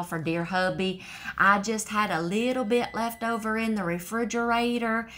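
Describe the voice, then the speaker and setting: A woman's voice: mid-range voice, pushed and bright, a little hiss or hum. A middle-aged woman, chatting folksily through a home cooking tutorial in her kitchen, always saying "y'all" and "okay".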